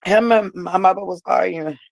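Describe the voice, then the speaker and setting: A woman's voice: mid-range voice, moderate pace, vocal fry, a little mellow, no echo, rough recording. A woman vlogger telling a personal story straight to her viewers, emphatic and repeating herself for weight.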